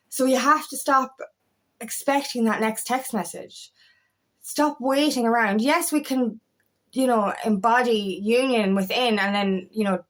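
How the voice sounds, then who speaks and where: Woman in her thirties, life coach, casual monologue, blunt and sweary, fairly high voice. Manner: frank, swears freely, repeats herself. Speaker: feminine empowerment coach.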